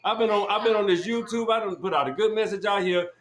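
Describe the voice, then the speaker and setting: A high-voiced man hurls taunts at a caller on an online group call, repeating the same jab again and again. His voice bounces around in a roomy, echoing sound. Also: fast. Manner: loud, mocking, repeats insults over and over. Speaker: podcast host. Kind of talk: heated argument on a group call.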